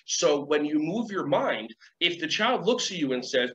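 A man leading a casual webinar lesson from home, energetic and rambling, acting out quoted voices and guiding breathing exercises. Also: high-pitched, normal speed, few pauses. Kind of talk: casual teaching talk with guided exercises. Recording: dull lo-fi sound, faint ambience.

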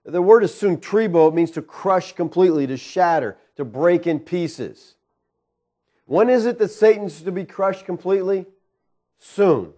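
A man's voice: high voice, expressive, a little slow, dark tone. A man preaching a sermon as pastor, emphatic and asking the congregation rhetorical questions.

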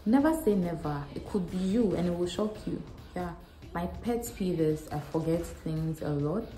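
Young woman doing a q&a vlog, blunt and jokey, low mellow voice, echoey room. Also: moderate pace. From Ghana. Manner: frank, animated, self-mocking. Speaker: vlogger. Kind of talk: casual Q&A vlog. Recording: echoey room with faint music.

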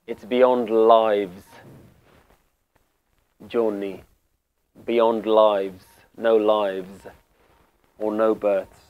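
Male sikh teacher explaining scripture real slow and calm, smooth voice, kinda dull recording. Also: fairly low pitch. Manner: calm, deliberate, repeats key phrases.

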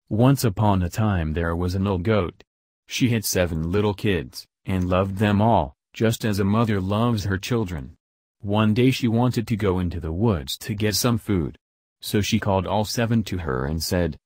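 A man calmly reading a fairy tale aloud as bedtime story narration. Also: fairly low pitch, dry recording, clean studio sound. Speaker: storybook reader.

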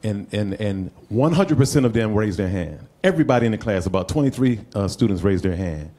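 A middle-aged man talks on a panel in a mellow, dark voice. He speaks with earnest urgency about helping young people, pressing the audience to act. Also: lowish voice, animated, a little fast. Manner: earnest, urging the community to act. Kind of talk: panel talk.

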